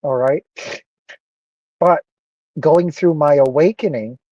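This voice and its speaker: Earnest man with a dark, emotional voice. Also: on the high side, slow pace, no echo, lo-fi sound. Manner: earnest, emotional, repeats himself. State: emotional, close to tears. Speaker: vlogger. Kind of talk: emotional personal monologue.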